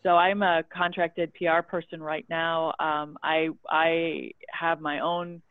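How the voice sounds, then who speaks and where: A guest who works as a public relations consultant, talking in a measured way and explaining with examples. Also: female voice, low voice, little pitch movement, no room sound. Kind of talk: casual conversation. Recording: dry tinny phone-like line.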